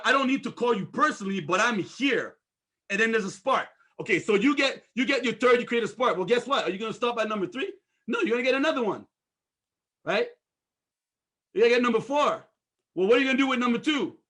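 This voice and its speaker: A man giving an energetic motivational sales training, repeating himself and firing off rhetorical questions. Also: extremely high pitch, a little fast.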